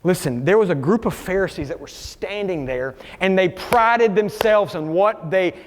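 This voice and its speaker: A man preaching a sermon as pastor, animated, acting out quoted voices as he goes. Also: high-pitched, normal speed, long reverb tail. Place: church sanctuary.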